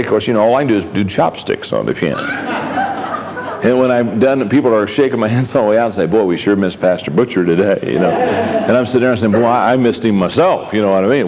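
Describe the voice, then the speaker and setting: A man preaching a humorous sermon, telling stories and cracking jokes in an animated way. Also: medium pitch, a little hiss or hum. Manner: animated storytelling, joking. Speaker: pastor. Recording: echoey hall, dull lo-fi sound.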